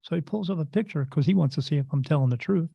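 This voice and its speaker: A man's voice: on the high side, quick pace, vocal fry, no echo. A man, a medium and interview guest, telling a story in a casual, rambling way and repeating himself before each quote. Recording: dull lo-fi dry recording.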